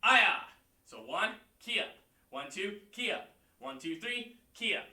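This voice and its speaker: Lively, bright-voiced martial arts instructor. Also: male voice, high-pitched, a little slow. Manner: energetic, counts out moves and shouts kiai; encouraging, pep-talk delivery. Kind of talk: leading a livestream class. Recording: echoey room, voice far from mic.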